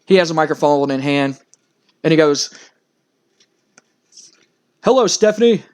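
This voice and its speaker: A man's voice: on the high side, flat delivery, brisk, clear, resonant tone. A man casually narrating a wrestling game playthrough, rambling and full of fillers.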